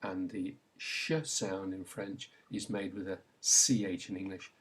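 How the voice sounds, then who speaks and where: Slow, husky-voiced male language teacher. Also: fairly low pitch. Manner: patient, repeats prompts for learners. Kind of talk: slow instructional pronunciation lesson.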